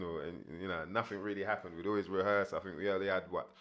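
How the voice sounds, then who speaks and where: Low-voiced man telling stories. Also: flat delivery, fast talker, hardly any pauses, fairly bright tone. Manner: rambling with many fillers. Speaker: guest rapper. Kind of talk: casual storytelling interview.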